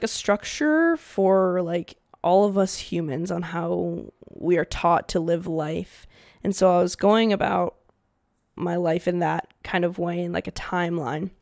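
A woman's voice: mid-range voice, a little mellow, no room sound, clean studio sound. A woman in her twenties hosting her own podcast in a casual, candid solo chat, with "like" in nearly every phrase. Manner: chatty and candid, heavy use of "like". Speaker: podcast host.

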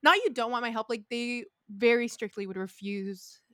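A young woman co-host in a casual podcast, quick with reactions and follow-up questions. Her voice sits a little high, and the close recording has no room sound. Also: pushed and bright, no room sound. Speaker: podcast co-host, speech therapist. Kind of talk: casual chat.

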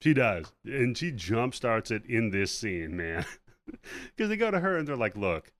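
In a dry recording, a young podcast host with a mid-range voice walks through a film plot at a measured pace. The chat is casual, and he animates the retelling by voicing the characters' lines.

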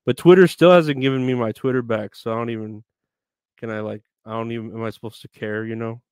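A man's voice: mid-range voice, fairly even intonation, fast, darkish tone, smooth, no echo, studio quality. A man hosting a live stream, rambling and joking between bits of song. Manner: rambling, joking, breaks into sung snippets.

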